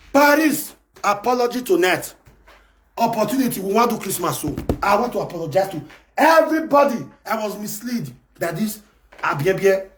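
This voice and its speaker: A man with a Nigerian accent ranting on a live stream, shouting, scolding and taunting. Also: high-pitched, slight background noise. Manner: shouting, scolding and taunting in Pidgin-laced English. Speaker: live video host. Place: abroad in France.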